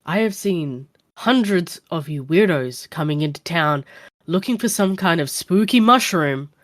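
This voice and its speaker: Woman putting on a gruff old bartender. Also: lowish voice, animated, unhurried. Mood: exasperated. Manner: scolding, exasperated, sarcastic. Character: gruff older male bartender, scornful.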